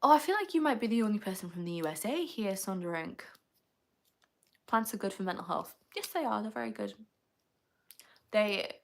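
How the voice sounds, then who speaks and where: A young woman talks casually on her livestream at a middling pitch. She rambles from one thought to the next, reads viewer comments aloud and laughs readily along the way. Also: lively intonation. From United Kingdom. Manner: chatty and rambling, quick to laugh. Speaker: livestream host.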